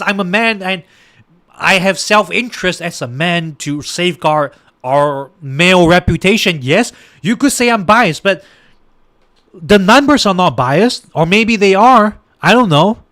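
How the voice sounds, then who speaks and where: Exasperated high-voiced young man ranting. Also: fairly bright tone, dry recording, clean studio sound. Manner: exasperated, rants at listeners, many restarts and fillers. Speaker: political commentary podcaster. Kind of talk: casual political commentary.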